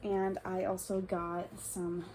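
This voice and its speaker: A young woman from New York chatting on her vlog, excitable and gushing, with lots of ums and giggles. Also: fairly low pitch, slow, a little hiss or hum, poor audio. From New York state. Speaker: vlogger. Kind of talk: casual vlog chat.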